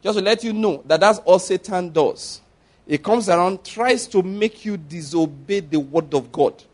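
A man's voice: high-pitched, a little slow. A man preaching a sermon, telling stories and acting out the scenes. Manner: animated storytelling, acts out scenes.

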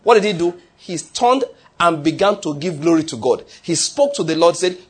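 Preacher guy, kinda husky voice, hammers his points and repeats em, trips on words sometimes. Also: a little high, lively intonation, normal speed. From not from the United States. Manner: emphatic, repeats key phrases for effect. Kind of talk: sermon.

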